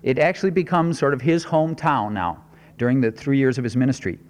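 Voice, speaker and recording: A man preaching a sermon as pastor, earnest and measured, with emphatic rises. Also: medium pitch, lively intonation, big-room sound.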